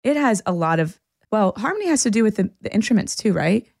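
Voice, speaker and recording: A woman's voice: medium pitch, sing-song, fast talker, gravelly, darkish tone, no room sound, clean studio sound. A woman co-hosting a podcast in casual chat, musing thoughtfully and easily. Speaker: podcast co-host.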